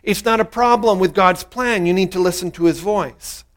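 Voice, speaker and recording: A male pastor whose voice sits noticeably high for a man delivers a sermon at a moderate pace. Speaking earnestly, he leads listeners through a short prayer for them to repeat.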